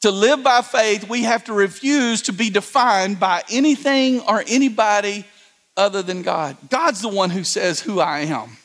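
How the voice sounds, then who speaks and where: A man's voice: sits high, moderate pace, fairly bright tone. A middle-aged man preaching a sermon as pastor, emphatic, repeating phrases and calling on the congregation to answer. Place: large church hall. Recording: long hall reverb.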